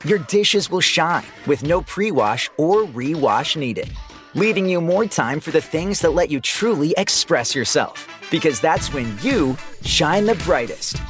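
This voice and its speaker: A man reading a scripted commercial in a smooth, upbeat announcer manner. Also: on the high side, animated, a little slow, a bit bright. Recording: commercial spot with faint music bed.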